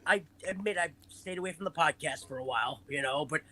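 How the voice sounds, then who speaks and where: A man from Long Island with a New York accent, a guest chatting on a live video call show, animated and self-promoting. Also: fairly high pitch, fast talker, poor audio. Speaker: guest, pro wrestling trainer. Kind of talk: casual live show chat.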